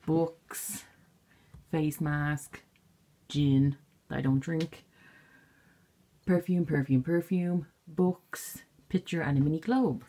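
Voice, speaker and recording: Speaking slowly with long pauses, a young woman with a low-pitched, warm voice vlogs from her bedroom on a handheld camera. Her casual chat rambles, dotted with offhand sarcasm.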